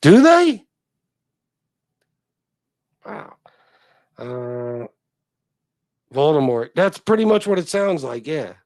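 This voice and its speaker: A man's voice: high-pitched, no echo. A man hosting a livestream, chatting casually with viewers in a rambling, profane way. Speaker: livestream host. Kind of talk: casual chat.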